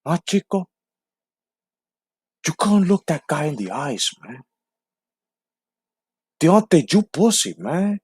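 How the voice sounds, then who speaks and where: A guy putting on a cocky cuban gangster voice, trash-talking, pitched up high, bone-dry sound. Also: very animated, takes it slowly, long pauses, a little mellow, husky, no echo, exaggerated voice. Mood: boastful. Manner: brash, taunting, ends phrases with "man". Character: swaggering foul-mouthed male Cuban gangster.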